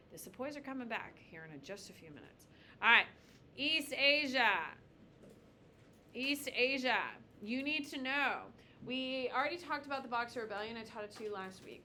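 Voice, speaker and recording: A woman lectures a high school class in a classroom, blunt and joking as she calls on students by name. Her voice is bright and forward. A faint hum of noise sits behind her. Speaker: high school history teacher.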